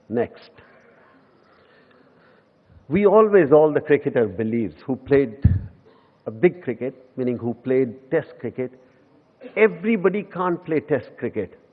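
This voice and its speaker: Indian man lecturing in an echoey hall. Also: mid-range voice. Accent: Indian English. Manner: anecdotal and self-mocking, slipping into Hindi. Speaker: guest lecturer. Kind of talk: humorous public lecture. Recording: echoey hall, tinny phone-like sound.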